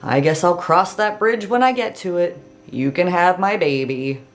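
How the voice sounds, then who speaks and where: A woman's voice: fairly low pitch, expressive, moderate pace. A woman voicing a sassy young maiden who talks in bubbly modern slang. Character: frantic young maiden, valley-girl sass.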